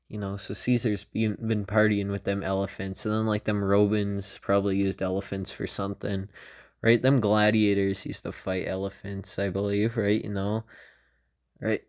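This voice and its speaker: A young man with a fairly low voice talks through a comedic podcast monologue. He wanders from thought to thought and keeps checking in with "you know?" and "right?" all the way through. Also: steady tone, normal speed. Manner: meandering, constant "right?" and "you know?" tags. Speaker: podcast host.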